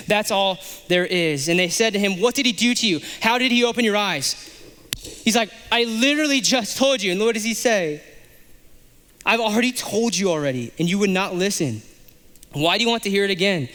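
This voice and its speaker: A male pastor with a high, clean voice preaches a sermon animatedly, acting out the characters of a scripture passage in quick asides. The sound has a big-room quality.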